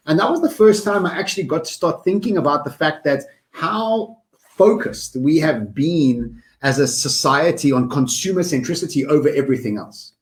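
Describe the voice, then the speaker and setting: A man co-hosting a podcast in casual conversation, energetic and given to quick lists. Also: on the high side. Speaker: podcast co-host.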